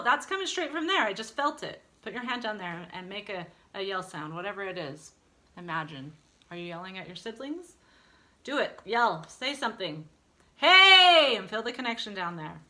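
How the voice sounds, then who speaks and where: A woman's voice: mid-range voice, expressive, fairly quick, pushed and bright. A woman singing teacher leading an online lesson, encouraging students and demonstrating vocal exercises.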